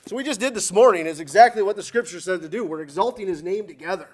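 A male preacher gives a sermon in church, his voice pitched a bit high for a man. Expressive throughout, he tells stories, reads scripture slowly, and drives his listeners with emphatic calls to praise that rise to loud exhortation.

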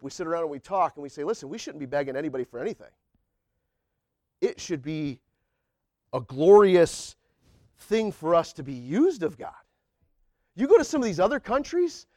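High-voiced man preaching a lively sermon. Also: no room sound, clean studio sound. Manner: animated, rising to near-shouts when acting out prayers; colloquial, says y'all and man. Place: church sanctuary.

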